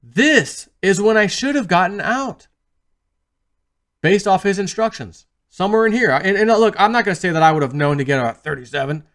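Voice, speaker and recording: A man's voice: high-pitched, animated, normal speed, fairly bright tone. A man talking casually to his viewers in a rambling monologue, full of restarts and retold conversations. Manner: chatty, rambling, lots of restarts and retold asides. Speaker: crypto YouTuber.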